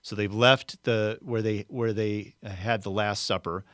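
Low-voiced man preaching conversationally. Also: fairly even intonation, a little slow, fairly bright tone, dry recording, studio quality. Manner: conversational, explanatory teaching. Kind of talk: sermon explaining a Bible passage.

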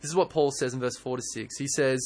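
A young man preaching a sermon in church, earnest and animated, often restarting his words. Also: medium pitch, fast talker. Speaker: pastor.

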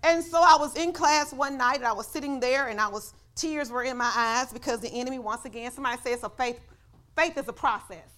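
Woman preacher in church, high voice, tells her story then gets loud and shouty. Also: brisk. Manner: testifying, building to shouts. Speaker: pastor. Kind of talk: sermon.

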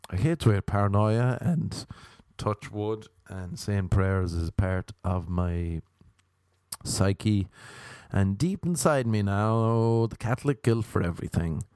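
A man's voice: fairly low pitch, takes it slowly, a little mellow, clean tone, no room sound. A man doing a casual comic monologue, rambling, profane and self-mocking.

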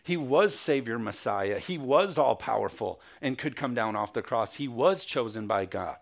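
A male pastor preaching a sermon, reading scripture aloud and calling for amens, with quick mocking asides. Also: medium pitch, animated, vocal fry.

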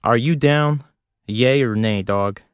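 A man's voice: mid-range voice, takes it slowly, clean tone, no echo. A young man hosting a solo podcast from a closet, rambling in a profane, self-mocking, jokey way. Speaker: podcast host. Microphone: close studio mic.

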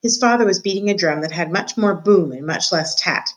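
A woman teacher reads a children's book aloud in a slightly low voice. She tells the story in a clear, expressive, measured way. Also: low-quality recording.

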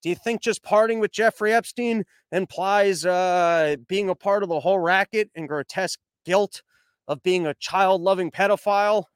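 Sarcastic high-voiced male news podcaster. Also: moderate pace, clear, resonant tone, no echo, studio quality. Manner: sarcastic, mocking, rambling. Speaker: news commentary host. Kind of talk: sarcastic news commentary with ad reads.

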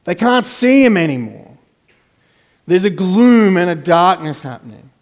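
In a church hall with long, echoing reverb, a pastor delivers a sermon in a sing-song, unhurried voice. He swings dramatically between soft, low asides and raised, emphatic lines.

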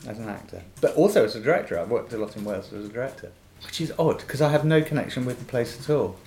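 A man's voice: mid-range voice, expressive, fast, creaky, darkish tone. An older man, an actor guest, telling anecdotes in a podcast interview, laughing often and acting out quoted voices. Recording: echoey room with faint noise.

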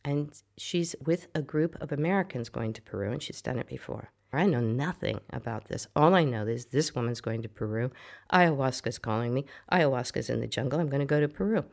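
A woman's voice: very deep voice, expressive, brisk, gravelly, a little mellow. A middle-aged woman, a psychotherapist, telling a personal story in an interview in an earnest, reflective way, repeating phrases for emphasis. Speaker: psychotherapist guest. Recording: music playing under the voice.

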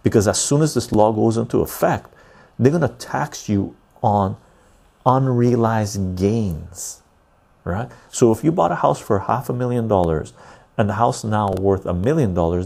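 A man's voice: fairly low pitch, animated, normal speed, vocal fry, darkish tone. A man hosting a podcast, ranting casually and profanely to his live-stream chat and tagging "right?" onto his points. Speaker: podcast host.

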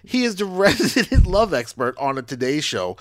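A man's voice: fairly high pitch, very animated, normal speed. A man co-hosting a casual podcast, joking sarcastically and reading out notes. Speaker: podcast co-host.

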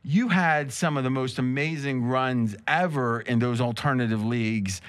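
A man's voice: mid-range voice, moderate pace. A man hosting a casual sports betting talk show, joking and teasing his guests with rambling asides. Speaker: host.

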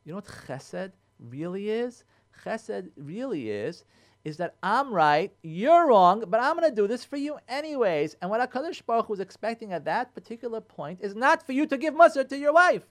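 A middle-aged man talks on a radio advice show in a fairly high voice. His pitch swings widely as he leans hard on his points. He repeats phrases for emphasis and mixes in Yiddish and Hebrew words. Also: sing-song, moderate pace. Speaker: radio show host giving marriage advice.

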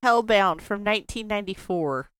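A woman's voice: mid-range voice, expressive, moderate pace, fairly bright tone, smooth, no echo. A woman co-hosting a casual chat, laid-back and giggly, swearing casually. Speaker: podcast co-host.

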